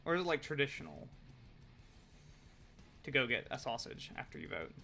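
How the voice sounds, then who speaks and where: Chatty man with bright tone. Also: medium pitch, very animated, normal speed, gravelly, faint music behind. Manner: chatty, joking, explains steps as he paints. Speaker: streamer painting miniatures. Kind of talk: casual chat while painting.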